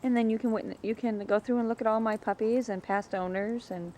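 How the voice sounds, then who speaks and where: A woman talking casually about her dogs in her yard, chatting away and calling to them in a high sing-song. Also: fairly even intonation, a little fast, warm tone, slight background noise. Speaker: dog breeder. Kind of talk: casual home video narration.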